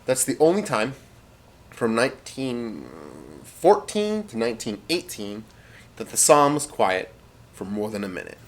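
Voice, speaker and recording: A man's voice: mid-range voice, animated, a little slow. A man casually telling a rambling comic story, with fillers and spoken sound effects.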